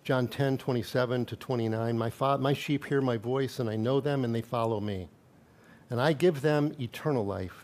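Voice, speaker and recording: A man preaching a sermon in an easy, conversational style. He reads scripture aloud, then breaks off into asides and quiet chuckles. His voice sits in an ordinary middle register. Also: medium pitch, moderate pace. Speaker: pastor.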